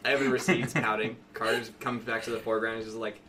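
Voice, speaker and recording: A man speaking as a player in a tabletop game, narrating his character's actions with quick asides. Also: medium pitch, steady tone, background noise.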